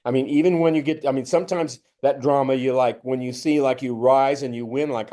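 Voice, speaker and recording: A man speaking as a spiritual teacher, telling a personal story and acting out his own inner voices, which rise to a strained high pitch. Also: fairly even intonation, a little fast, few pauses, mellow. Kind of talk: reflective spiritual talk.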